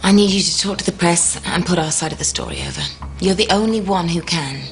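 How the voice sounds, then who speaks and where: A persuasive, pushy female club boss in a TV drama, as a woman plays her, pressing a colleague with coaxing words. Her voice sits a little low, with faint music running beneath the scene. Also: quick pace, natural voice. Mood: persuading. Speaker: football club executive. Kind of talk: TV drama acting.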